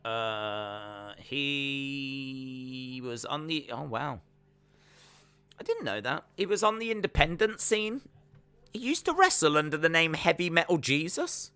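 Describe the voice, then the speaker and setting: Lively man commentating a live stream. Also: on the high side, a little slow, clear, resonant tone, no echo. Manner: chatty, musing, reacts aloud. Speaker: stream host. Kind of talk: live wrestling watch-along commentary.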